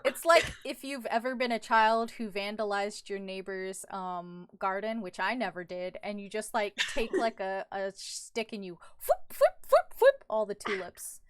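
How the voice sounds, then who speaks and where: A woman's voice: mid-range voice, expressive, unhurried, hardly any pauses, a little hiss or hum. Give me a playful, giggly woman narrating a tabletop game as dungeon master. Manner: playful, giggly, with sound effects.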